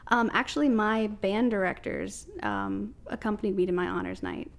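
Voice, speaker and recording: A woman's voice: mid-range voice, wildly swooping pitch, moderate pace. A woman from Ohio with a Midwestern American accent, a podcast guest chatting and telling stories, laughing often. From Ohio, USA. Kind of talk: casual chat.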